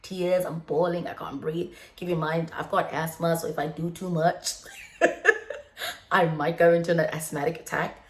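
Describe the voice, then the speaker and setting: A young adult woman vlogging in a casual, chatty way, animated and laughing often, with many fillers. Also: deep voice, measured pace. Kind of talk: casual chat. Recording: echoey room.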